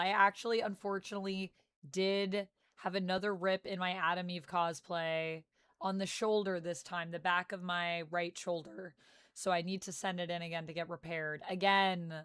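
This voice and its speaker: A woman's voice: fairly low pitch, a bit bright, smooth, dry recording. A young adult woman from Canada chatting casually on a livestream and greeting her viewers by name. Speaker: streamer.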